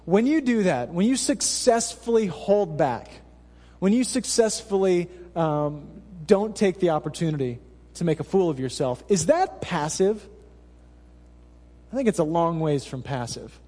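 A man's voice: high-pitched, animated, unhurried, mellow, long reverb tail. A pastor preaching a sermon in a conversational, humorous way, turning to his congregation with asides. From Alaska. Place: church hall.

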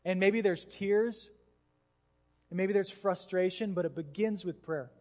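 A male pastor preaching a sermon, telling a story in an animated way and acting out what people said. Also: high-pitched, measured pace, soft background music. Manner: animated storytelling with acted-out quotes. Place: church sanctuary. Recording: long hall reverb in a church.

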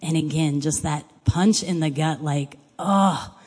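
A woman's voice: deep voice, a little slow, darkish tone, breathy edge. A woman giving a sermon, speaking in an earnest, conversational way and reading scripture aloud. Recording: long hall reverb.

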